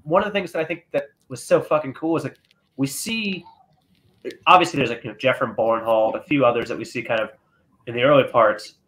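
A man's voice: medium pitch, brisk, fairly bright tone. A man hosting a podcast in casual chat, rambling and swearing as he loses his train of thought. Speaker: podcast host.

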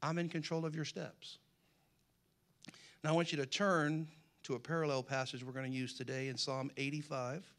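A man's voice: on the high side, level tone, normal speed, a bit bright. A man preaching a sermon, reading scripture aloud with rising emphasis and slipping in folksy jokes to the congregation. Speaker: pastor.

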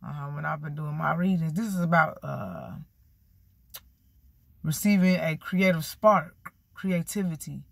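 A woman giving a casual tarot card reading, sassy and animated, talking straight to her viewers. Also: deep voice, a little slow, vocal fry, long pauses, slightly rough, no echo. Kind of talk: casual spiritual reading vlog.

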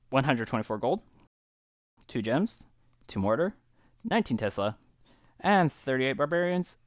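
A man hosting his own gaming channel, giving relaxed, chatty gameplay commentary with frequent little laughs. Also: medium pitch, dry recording, studio quality. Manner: relaxed, chatty, laughs often, many restarts. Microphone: headset.

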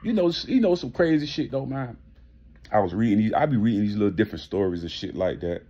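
A man's voice: fairly low pitch, animated, fast, husky, muffled recording. A man ranting in an indignant commentary vlog, emphatic and swearing heavily. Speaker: commentary vlogger.

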